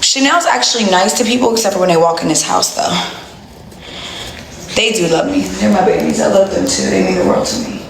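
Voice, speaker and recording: A woman's voice: medium pitch, a little fast, vocal fry, reverberant, slight background noise. A woman chatting casually on a livestream from home, brash and profane, teasing and trash-talking. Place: at home indoors. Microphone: phone livestream.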